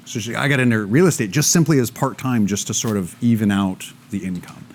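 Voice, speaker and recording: Telling stories to a live crowd, a man plays both sides of conversations in an animated way. His voice is fairly low and fairly quick, with a little hiss or hum in the recording.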